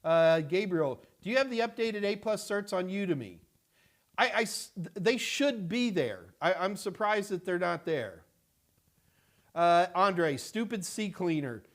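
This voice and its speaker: This middle-aged host answers viewer questions in a relaxed studio live stream, his voice pitched a bit high for a man and fairly bright in tone. He speaks a little slowly with lively intonation, meandering through fillers and restarts.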